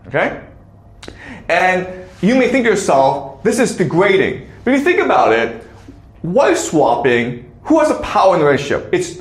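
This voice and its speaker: A man giving a classroom lecture, checking in often with the students. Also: on the high side. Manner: checks in with frequent "okay?". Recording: echoey classroom.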